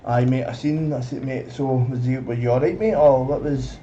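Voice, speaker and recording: A man chats loosely with his viewers while he drives in a game, tossing out slang and "mate" at every turn. His voice sits at an everyday middle pitch. The mic sounds dull and lo-fi, with loud engine and road noise underneath. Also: fairly even intonation, normal speed. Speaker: streamer. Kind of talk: casual live-stream chat while driving.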